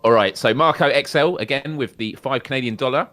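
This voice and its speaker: Co-hosting a gaming podcast, this man from the United Kingdom keeps the casual conversation jokey and chatty, laughing frequently. He has a medium-pitched, slightly bright voice with a brisk pace, heard in a dry recording.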